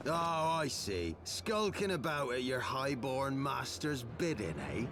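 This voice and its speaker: A gravelly sneering street thug. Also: male voice, medium pitch, very animated, a little slow, noisy background. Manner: sneering, taunting. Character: menacing gruff male street thug. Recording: game music behind. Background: game music.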